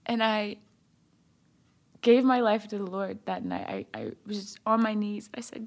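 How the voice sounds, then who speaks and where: A young woman from Ohio sharing her personal faith testimony as a guest, animated, acting out what others said, with many fillers. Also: mid-range voice, a little slow. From Ohio, USA. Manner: animated retelling, voices others' quotes, frequent fillers.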